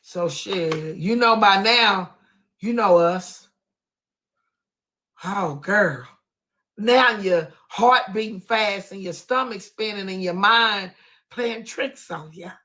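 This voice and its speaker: A woman telling a comic story in a persona, animated and dramatic, repeatedly exclaiming and swinging between loud outbursts and hushed asides. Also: mid-range voice, slow pace. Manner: animated, exclaims "oh, girl" over and over.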